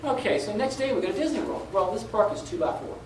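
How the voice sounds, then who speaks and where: A middle-aged man speaking at a conference, telling an anecdote with animated delivery and laughing at his own story. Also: sits high, quick pace, a crowd in the background. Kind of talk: live anecdotal talk. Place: conference hall. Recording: echoey live hall, taped from a distance with noise.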